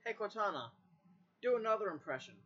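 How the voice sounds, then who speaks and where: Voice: medium pitch, very animated, a little fast, fairly bright tone, breathy edge. A person casually giving a voice assistant commands, repeating them and muttering curses. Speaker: user testing a voice assistant. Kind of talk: casual chat with a device. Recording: dull lo-fi recording, speaker away from the mic.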